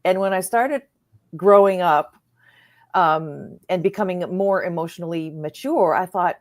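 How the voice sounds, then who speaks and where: Earnest lower-voiced woman coach. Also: measured pace. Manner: earnest, animated retelling with quoted dialogue. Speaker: transformational coach, guest. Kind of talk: conversational storytelling.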